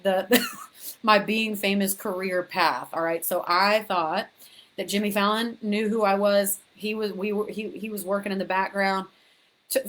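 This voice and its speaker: Candid woman telling her own story. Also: mid-range voice. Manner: frank, chatty, addresses viewers directly; restarts and repeats words when excited. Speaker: author sharing her story. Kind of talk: candid personal storytelling to camera.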